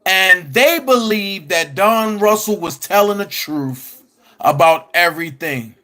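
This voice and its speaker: A man hosting an online commentary show, speaking in a casual, emphatic way with drawn-out phrases. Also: high-pitched, expressive, pushed and bright. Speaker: commentary channel host.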